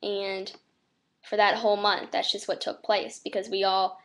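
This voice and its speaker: A woman's voice: medium pitch, normal speed. Earnest American teenage girl vlogging. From United States. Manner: earnest, reflective, with many fillers; speaks in a flat monotone. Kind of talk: earnest talk to camera.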